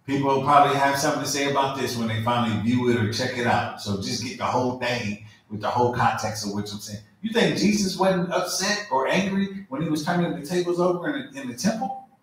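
A man preaching a conversational sermon, informal and animated, full of asides and "you feel me?". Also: medium pitch. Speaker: pastor. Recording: very echoey room, mic far off.

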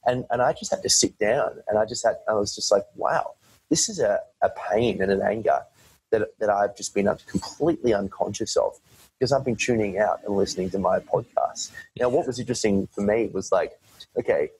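A man's voice: fairly low pitch, fairly quick, a little mellow, breathy edge, no room sound, low-quality recording. A man talking as a podcast guest in a casual, rambling way, often restarting his sentences and swearing now and then. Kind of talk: casual conversation.

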